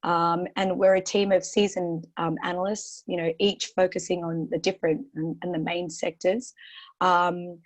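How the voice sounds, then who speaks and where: An Australian woman with a croaky voice, answering interview questions as a guest on a webinar, talking steadily with lots of "you know" and "um" fillers. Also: on the low side, flat delivery, normal speed. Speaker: portfolio manager guest.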